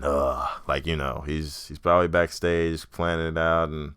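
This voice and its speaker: Low, smooth-voiced man ranting. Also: fairly even intonation, moderate pace, few pauses, fairly bright tone, no echo, clean studio sound. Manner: blunt, profane, ranting, mocks others in exaggerated voices. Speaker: podcast host. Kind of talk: casual solo wrestling review.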